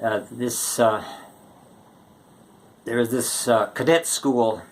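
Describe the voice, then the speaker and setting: A man telling a string of short jokes in a casual, unhurried way, stretching the setups with pauses. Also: medium pitch, steady tone. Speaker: joke teller.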